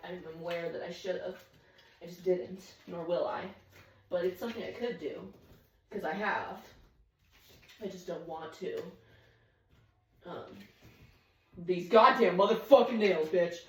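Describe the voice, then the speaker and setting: Streaming from her bedroom, a young woman with a lowish voice chats casually, swearing a lot and drifting into rambling asides while swinging between giddy and teary. She's a bit off mic in a roomy, echoey space, with a little hiss or hum.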